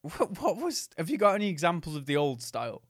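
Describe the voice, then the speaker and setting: A man co-hosting a podcast in casual chat, joking and breaking into loud laughter. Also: fairly high pitch, sing-song, fairly quick, no room sound, clean studio sound. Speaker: podcast co-host.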